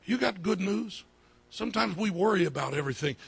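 A male pastor preaching a sermon, repeating his phrases and building up to fervent shouting. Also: sits high, animated, fairly quick, vocal fry, breathy edge.

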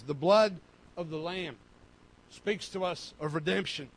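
A man preaching a sermon as pastor, swinging between loud, fervent passages and quiet, low stretches. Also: low-quality recording.

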